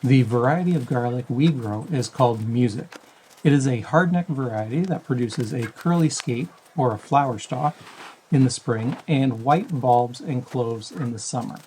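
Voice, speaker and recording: Man reading a calm voice-over. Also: medium pitch, moderate pace, a little hiss or hum, low-quality recording. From Canada. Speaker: backyard farming channel host. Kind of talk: scripted voice-over narration.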